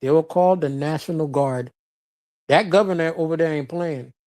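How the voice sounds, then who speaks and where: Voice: medium pitch, normal speed, darkish tone. A live-stream host from Florida talking loosely and bluntly, laughing often and answering chat. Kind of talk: casual live-stream commentary, reading chat. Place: lives in Florida.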